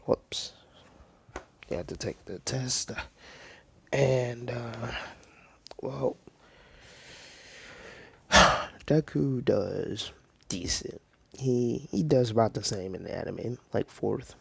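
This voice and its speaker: A man casually telling a fan story off the cuff, rambling with lots of fillers, dropping into soft whispers now and then. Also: mid-range voice, drawn-out words, gravelly, pauses often, slightly rough, no room sound.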